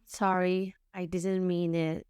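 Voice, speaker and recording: Slow, crisp woman reading phrases. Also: on the low side, little pitch movement, darkish tone, no echo, studio quality. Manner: careful, deliberate enunciation with pauses. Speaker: English teacher.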